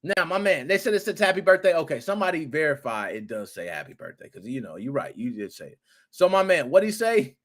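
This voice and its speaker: Male podcast host, animated, ranting, cursing, high lively voice. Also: fast talker. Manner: animated, excitable, swears, playful rants. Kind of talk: casual commentary podcast.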